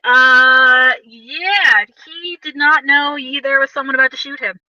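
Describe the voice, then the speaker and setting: A woman running a tabletop game as game master, narrating in an animated, playful way and swearing casually. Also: high-pitched, a little slow, dry recording, recorded from a distance, highs cut off.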